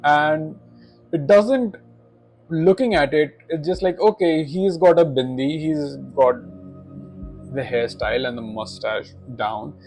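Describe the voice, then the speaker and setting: A man hosts a video review in casual, opinionated commentary. He sounds skeptical and critical, stumbles and corrects himself often, and his pitch leaps up on ironic remarks. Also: takes it slowly, a little mellow, soft background music. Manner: skeptical and critical, with frequent hesitations and self-corrections. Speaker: YouTube host reviewing tabletop RPG products.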